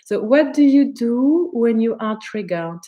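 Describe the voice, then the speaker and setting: A woman spiritual teacher on a live stream, chatty and animated, answering viewers' comments and laughing as she acts out the voices in her head. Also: fairly high pitch, a little slow, highs cut off.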